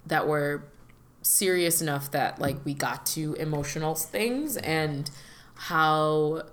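A woman with a low voice speaks in a loose, rambling way as a podcast co-host. She fills her sentences with "like" and "you know" and often slides into laughter. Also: takes it slowly, slight background noise. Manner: chatty, many fillers, laughs often. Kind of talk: casual conversation.

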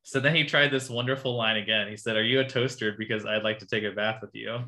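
Casual co-host, woman, bright edge to the voice, amused reader of dating chats. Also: a bass voice, fairly even intonation, fast talker. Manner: amused, laughing as she reads. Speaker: podcast co-host. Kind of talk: casual chat, reading dating messages aloud.

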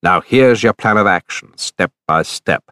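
A man's voice: on the low side, a little slow, pushed and bright, no echo. A man reading an audiobook voices a youthful male god who kindly and earnestly warns and instructs a traveler. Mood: urgent counsel.

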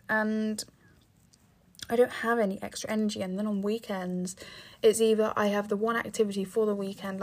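Teen girl from England, tired solo podcaster, rambling chat full of restarts, mid-range voice. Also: medium pitch. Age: teens. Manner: rambling, with many fillers and restarts. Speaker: podcast host. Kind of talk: casual monologue.

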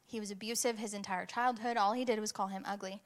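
A young woman preaching a sermon, telling a personal story in an animated way and rising to bursts of intensity. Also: mid-range voice, fast.

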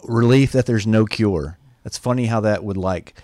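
A man's voice: lowish voice, moderate pace, dark tone, dry recording, clean studio sound. A man hosting a casual conversation, supportive and chiming in with short responses. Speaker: host.

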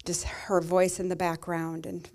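A woman's voice: lowish voice, level tone, measured pace, darkish tone. A middle-aged woman pastor giving a sermon, telling a personal story in a tender, emotional way.

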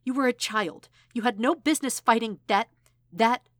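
A woman voicing a protective middle-aged aunt, sharp and scolding at times, tender at others, in an audiobook reading. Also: mid-range voice, expressive, normal speed, dry recording, natural voice.

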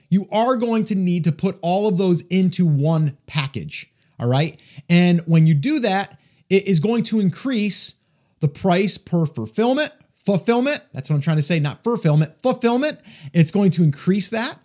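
An American man with an East Coast accent hosts an advice podcast in a casual, chatty manner. His voice sits high and swings widely in pitch. He pokes fun at himself as he talks. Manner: animated, chatty, self-deprecating. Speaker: podcast host.

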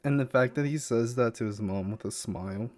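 A man co-hosts a relaxed conversation and eagerly walks through events, scattering "like" through his sentences in an easygoing voice. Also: mid-range voice, fairly quick. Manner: eager retelling, peppered with "like". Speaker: podcast co-host. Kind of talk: casual chat about an anime series.

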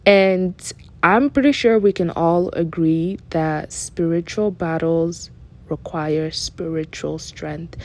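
A woman's voice: on the low side, takes it slowly, a little mellow. A woman hosting a personal devotional talk, speaking earnestly and candidly and repeating phrases for emphasis. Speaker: faith podcast host.

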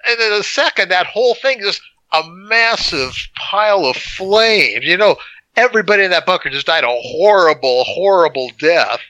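A man co-hosting a casual movie review podcast, telling a scene as an animated storyteller who acts out the moments. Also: high-pitched, normal speed, no room sound, low-quality recording. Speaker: podcast co-host.

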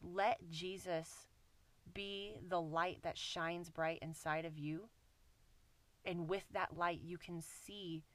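Earnest, bright-voiced woman giving a devotional. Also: fairly low pitch, no echo. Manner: earnest and conversational, addresses listeners as "you guys"; emphatic, repeats phrases for stress. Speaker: Christian speaker. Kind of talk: devotional message closing in prayer.

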